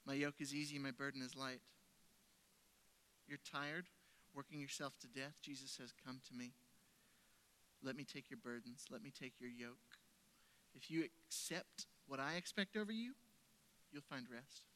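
Pausing often and keeping a measured pace, a man preaches to his church congregation. The pastor tells his stories in a conversational way, rising to loud emphasis and then dropping to soft, hushed lines.

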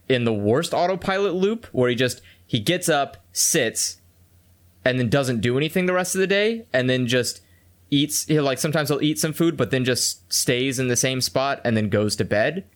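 A young man co-hosting a casual podcast tells stories bluntly and profanely, acting out what people said. His medium-pitched voice is animated and moves at a moderate pace.

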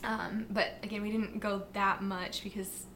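Bright-voiced, animated woman guest. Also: medium pitch, unhurried, slight background noise. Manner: animated storyteller, lots of fillers and acted quotes. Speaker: podcast guest, fitness and nutrition coach. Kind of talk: casual interview chat.

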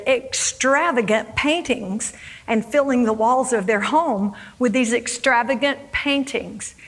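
A woman's voice: fairly high pitch, fairly bright tone, poor audio. A woman preaching a sermon, acting out scripture quotes with dramatic, rising emphasis.

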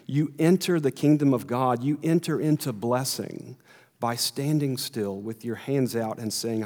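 A man's voice: medium pitch, measured pace, a little mellow. Male pastor, earnest sermon, mid-range voice, long hall reverb. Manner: earnest, building emphasis, repeats words.

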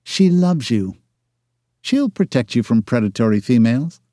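A man voicing a sharp-tongued young woman. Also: medium pitch, sing-song, normal speed, no room sound, studio quality, lightly acted. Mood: exasperated. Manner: teasing, exasperated retorts. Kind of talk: audiobook character voice.

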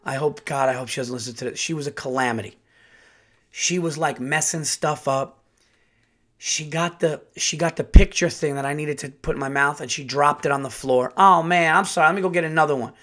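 A comedian tells a story on his podcast at a quick, loose clip. His voice sits in a middle pitch, and he is full of asides, restarts and casual cursing. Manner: rambling, profane, animated storytelling.

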